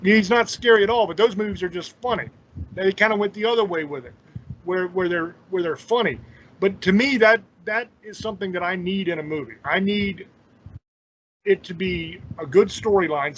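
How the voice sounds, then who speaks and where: Blunt, profane high-voiced man. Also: a bit bright, slight background noise. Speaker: podcast host. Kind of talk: casual chat. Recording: dull lo-fi audio.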